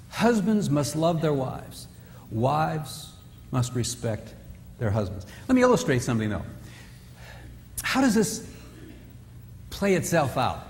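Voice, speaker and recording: A man giving a humorous marriage seminar talk at a retreat, telling stories in an animated way and acting out the characters. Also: high voice. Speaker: retreat speaker. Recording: reverberant hall.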